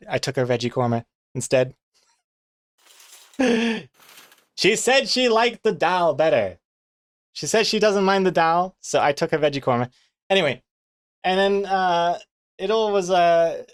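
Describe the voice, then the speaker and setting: A man, chatting casually on a live stream and telling rambling anecdotes with chuckles and fillers. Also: fairly high pitch. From New Zealand.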